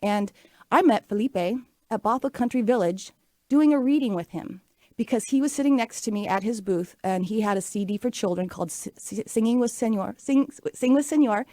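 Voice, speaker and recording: A woman's voice: fairly high pitch, normal speed, mellow, no room sound. Chatty woman host telling stories, dry sound. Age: 40s. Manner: chatty, storytelling, upbeat with fillers. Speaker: radio show host. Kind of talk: casual talk show monologue.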